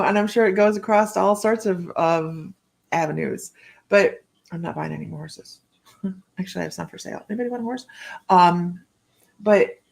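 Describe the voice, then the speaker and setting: A woman hosting a relaxed live stream from home, talking in a loose, rambling way. She laughs often and greets viewers by name as she reads their comments. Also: medium pitch, creaky. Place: home, indoors.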